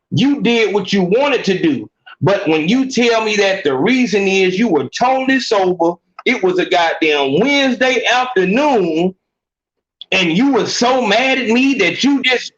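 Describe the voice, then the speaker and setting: A man's voice: high voice, fairly bright tone, echoey room, muffled recording. A man hosting a call-in podcast, talking animatedly and profanely, often repeating himself and restarting sentences. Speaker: podcast host taking calls. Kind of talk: casual call-in advice talk.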